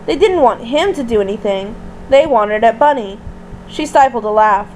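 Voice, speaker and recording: A woman narrates a fan-written story at a steady pace, sometimes tripping over a word and restarting. Her voice is high and light. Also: moderate pace, slight background noise, rough recording. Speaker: audiobook reader. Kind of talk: reading fan fiction aloud.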